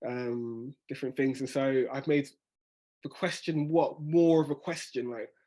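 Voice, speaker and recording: A man leading a spoken word workshop over a video call, a fast talker who restarts his sentences as he explains. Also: medium pitch, steady tone, dark tone. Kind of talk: casual teaching on a video call.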